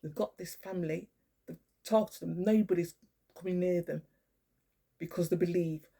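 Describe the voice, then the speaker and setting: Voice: medium pitch, fairly even intonation, gravelly, dark tone. An older grandparent speaking in a rambling, emphatic monologue, swearing often and restarting sentences. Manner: profane, emphatic, repetitive; halting, with many restarts.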